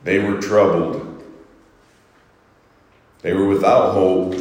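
A man's voice: low voice, fairly even intonation, unhurried, pauses often. Preaching man in an echoey hall. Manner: preaching with sweeping rises and hushed drops. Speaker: pastor. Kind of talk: sermon. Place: church sanctuary.

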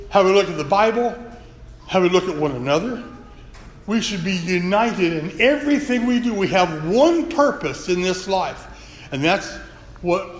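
A man preaching a folksy, earnest sermon to his congregation. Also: high-pitched. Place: church sanctuary. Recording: echoey church hall, faint room noise.

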